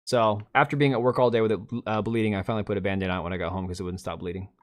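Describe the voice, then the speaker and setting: A man's voice: on the low side, fairly even intonation, racing. A man in his thirties hosting a casual livestream, rambling bluntly and reacting to chat with restarts and asides. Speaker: livestream host.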